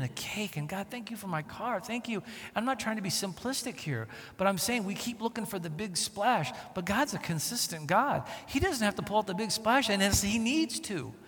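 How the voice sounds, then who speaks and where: A man preaching a sermon, emphatic, with rhetorical questions to his listeners and volume that swings from loud to hushed. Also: high voice. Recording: long reverb of a hall.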